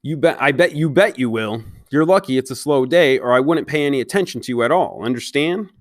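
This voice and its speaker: A man's voice: medium pitch, animated, fairly quick, no room sound, close to an everyday voice. A man voicing a cocky, bossy street-gang boy who barks orders and threats in a dry read-aloud. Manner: bossy, brusque.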